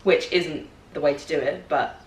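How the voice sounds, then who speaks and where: Young woman, lowish voice, reflective casual chat, echoey room, faint hiss. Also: normal speed. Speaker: co-host. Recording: roomy, distant mic, faint hiss.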